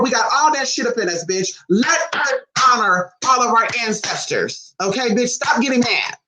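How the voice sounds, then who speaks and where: Brief: foul-mouthed, sassy vlogger monologue, mid-pitched voice, jumps from low grumbles to squealing highs. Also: pushed and bright, poor audio. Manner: sassy, profane, teasing asides; big swings between low mutters and high squeals. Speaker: vlogger on spiritual history. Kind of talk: casual ranting monologue.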